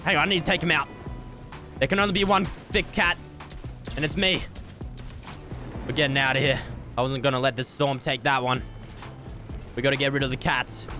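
A young man giving jokey, excitable gameplay commentary with sudden yelps. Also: mid-range voice, moderate pace, pauses often, soft background music. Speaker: gaming YouTuber.

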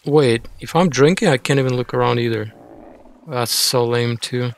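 A man with a gravelly, creaky voice talks through a video game as he plays. He rambles, grumbles when things annoy him, and pokes fun at himself. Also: medium pitch, moderate pace, a little hiss or hum. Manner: frustrated, rambling, self-mocking. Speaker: gaming streamer. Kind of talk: casual gameplay commentary.

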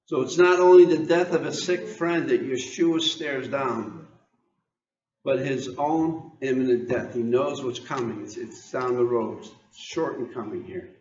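A man's voice: medium pitch, a little slow, a little mellow, dull audio. Echoey, conversational American man preaching. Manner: conversational, asks the congregation questions, repeats words. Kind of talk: informal sermon with scripture reading.

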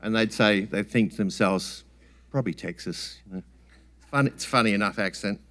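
A man giving a relaxed, plain-spoken scientific talk at a summit, with frequent ums and restarts. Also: lowish voice, moderate pace. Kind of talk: conference talk with slides.

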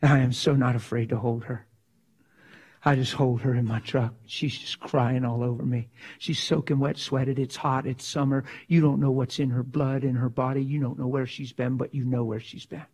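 A man preaching a sermon, emphatic and dramatic, swinging from loud to hushed. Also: medium pitch, flat delivery, normal speed, slightly rough.

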